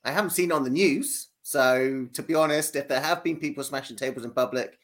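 A man's voice: medium pitch, brisk, a bit bright. Laid-back British man, podcast guest. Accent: British English. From United Kingdom. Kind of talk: casual podcast chat.

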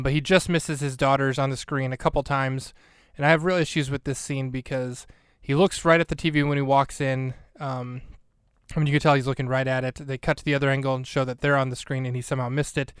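Joking, rambling podcast host, smooth voice. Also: male voice, medium pitch, dry recording, clean studio sound. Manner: joking, rambling, self-interrupting. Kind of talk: casual comedic podcast commentary.

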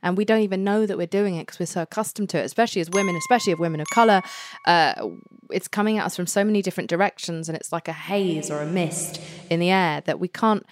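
A woman's voice: fairly low pitch, fast talker, slight background noise. A woman in her thirties with a British accent, chatting effusively as a podcast guest and laughing often. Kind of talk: casual chat.

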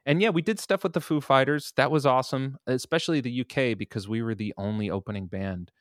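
A musician guest in a casual interview, telling laid-back stories and swearing casually. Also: male voice, mid-range voice, quick pace, no room sound, studio quality.

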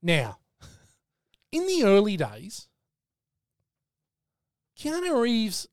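Aussie guy on a movie podcast, high voice, opinionated, dry close mic. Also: huge pitch swings, extremely slow, dry recording. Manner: jokey, opinionated. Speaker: podcast co-host. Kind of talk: casual film podcast chat.

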